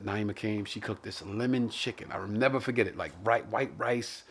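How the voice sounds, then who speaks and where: Animated New comedian telling stories. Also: male voice, on the low side, fairly quick, slight background noise. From Brooklyn, New York. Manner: animated, profane, acts out quotes. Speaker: comedian host. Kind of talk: casual storytelling chat.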